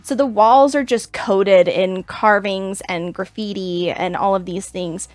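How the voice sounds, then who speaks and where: A woman narrating as game master of a tabletop game, often pausing on fillers. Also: mid-range voice, fairly even intonation, darkish tone, no echo, faint music behind. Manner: halting, many fillers.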